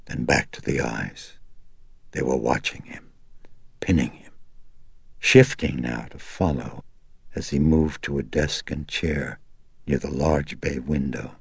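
Super deep slow dude reading a horror book, husky and dry, no room at all. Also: male voice, dry recording. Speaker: audiobook narrator. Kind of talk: scripted horror narration.

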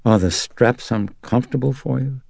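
A man voicing a calm priest who speaks in a measured, friendly way to put someone at ease. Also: mid-range voice, creaky, no room sound, studio quality, pitched above the performer's own voice. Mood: calm coaxing. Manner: measured, trying to sound warm and friendly. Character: calm middle-aged male priest, gentle, patient.

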